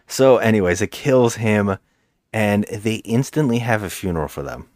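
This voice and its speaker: A man's voice: fairly low pitch, animated, moderate pace, darkish tone, no room sound, clean studio sound. A man co-hosting a podcast, casually recapping a movie plot with lots of hesitant restarts. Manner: rambling, hesitant storyteller with many restarts. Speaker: podcast co-host.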